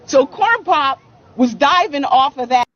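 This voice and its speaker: A woman's voice: high-pitched, animated, measured pace, fairly bright tone. A woman telling an anecdote to an audience in a conversational, storytelling way, heard from a played clip. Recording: dull played-back clip.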